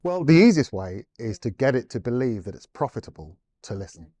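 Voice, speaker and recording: A man's voice: medium pitch, brisk. A man, a guest animal behaviourist, explaining in an interview and acting out quoted owners and dogs. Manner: animated storyteller, acts out quotes.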